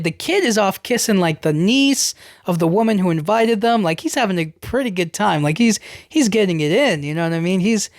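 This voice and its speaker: A man's voice: high voice, no echo, studio quality. A young man hosting a podcast, recapping a film in a loose, rambling way, full of "like" and "you know what I mean". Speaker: podcast host.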